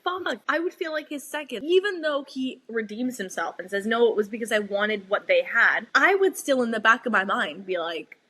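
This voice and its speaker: A woman's voice: on the high side, lively intonation, sharp tone. A young woman co-hosting a podcast, blunt and swearing in casual book chat. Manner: blunt, swearing, quick reactions. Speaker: podcast co-host.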